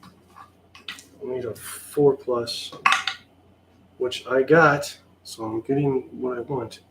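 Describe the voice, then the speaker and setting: A man talks through his solo tabletop wargame at a slow, drawn-out pace, his tone dry and sarcastic. He sounds mildly exasperated as he calls out each turn. Faint noise sits underneath his voice. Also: mid-range voice, fairly even intonation. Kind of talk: casual play-by-play of a tabletop game.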